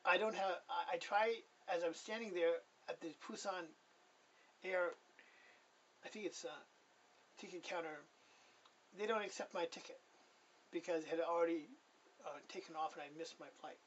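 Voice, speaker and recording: A man's voice: fairly high pitch, fairly even intonation, moderate pace, long pauses, distant mic, dull audio, a little hiss or hum. A man telling his personal testimony in a casual, rambling way. He corrects himself often and chuckles as he goes.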